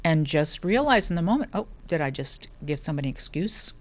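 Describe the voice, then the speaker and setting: A woman's voice: deep voice, big pitch swings, a little fast. A middle-aged woman hosting a lifestyle talk, speaking casually with many restarts and playful asides. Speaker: host of a lifestyle show. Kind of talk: casual spoken talk on self-help.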